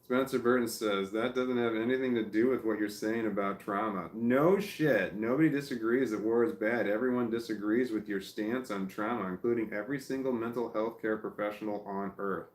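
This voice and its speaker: A man's voice: on the low side, a little fast, hardly any pauses, reverberant. A man hosting a livestream, reading viewer comments aloud and swearing a lot as he answers them. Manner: swears a lot, flares into angry ranting. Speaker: livestream host reading chat. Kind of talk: casual livestream chat.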